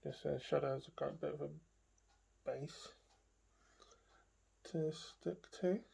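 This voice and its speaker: A woman's voice: sits low, fairly even intonation, takes it slowly, gravelly, dark tone, husky. A woman beauty vlogger talking casually through a makeup tutorial, chatting to herself and trailing off into murmured asides as she works.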